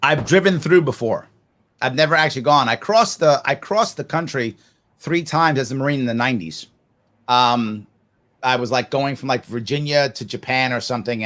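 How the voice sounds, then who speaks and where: A man in his forties, a guest on a podcast interview, talking off the cuff in an animated way, laughing often and acting out other people's voices. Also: medium pitch.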